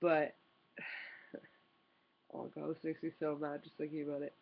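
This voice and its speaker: A woman's voice: sits low, monotone, slow pace, muffled recording. A young woman vlogger telling a story in an exasperated, rambling way, full of "like" and restarts. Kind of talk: casual storytime rant.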